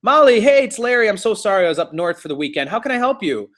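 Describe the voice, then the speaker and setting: A man's voice: high-pitched, animated, very fast, a bit bright. A man playing a carefree, upbeat male realtor who talks in a boastful way. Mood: flustered.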